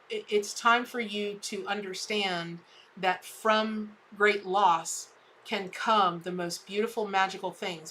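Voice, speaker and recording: Bright-voiced chatty woman tarot reader. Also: slight background noise, poor audio. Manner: chatty, warm-hearted, many restarts, jumps high when excited. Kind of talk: live-stream tarot reading.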